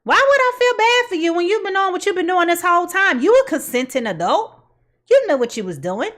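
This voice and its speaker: A woman's voice: very high-pitched, big pitch swings, brisk, fairly bright tone. A woman giving a casual tarot reading in a blunt, sassy way and laughing at her own jokes. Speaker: tarot reader.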